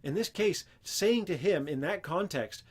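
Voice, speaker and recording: Unscripted and earnest, this Christian teaching show host delivers emphatic points and gets louder when reciting scripture. He has a high, expressive, slightly rough voice and an unhurried pace.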